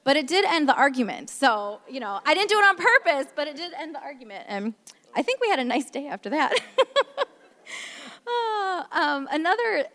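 A woman's voice: high-pitched, big pitch swings, brisk, a bit bright. A woman giving a candid, self-deprecating personal testimony about her marriage at a church gathering, with many fillers. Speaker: speaker sharing a marriage testimony. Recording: long reverb in a large hall.

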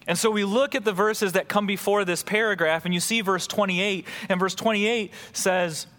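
A man's voice: sits high, steady tone, moderate pace, fairly bright tone, long reverb tail. A man preaching a sermon, reading scripture and then explaining it with emphatic rises and drops.

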